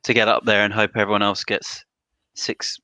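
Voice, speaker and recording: A man on a podcast panel, talking in a relaxed way with lots of fillers. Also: on the low side, normal speed, a little hiss or hum. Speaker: panel pundit. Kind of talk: casual podcast chat.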